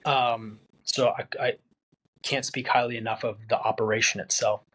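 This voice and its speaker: A man's voice: medium pitch, level tone, normal speed, fairly bright tone, slightly rough. A man talking candidly as a podcast guest and veteran, earnest and plain-spoken, acting out his friends' words as he tells the story. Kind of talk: candid interview conversation.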